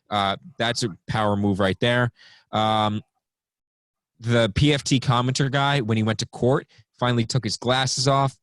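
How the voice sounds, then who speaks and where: A man's voice: lowish voice, a bit bright, no room sound. A young man co-hosting a casual podcast, rambling through his notes with lots of ums. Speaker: podcast co-host.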